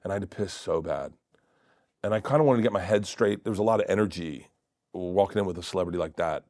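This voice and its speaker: This middle-aged Floridian comedian, a talk show guest, speaks fast in a low voice as he spins a wild story, doing all the voices and erupting in loud laughter. The close mic is dry, with no room sound.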